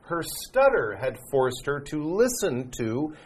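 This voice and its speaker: A man's voice: fairly high pitch, takes it slowly, a little hiss or hum. A man with a North American accent, co-hosting an English lesson and explaining a text in simple words. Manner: lively, reads out phrases and rephrases them simply. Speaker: English teacher co-host.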